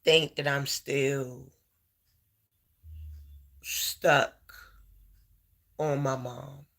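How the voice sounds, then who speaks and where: A man in a heartfelt personal chat with his viewers, tearful, halting and emotional. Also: medium pitch, flat delivery, creaky, bright, forceful tone. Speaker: vlogger.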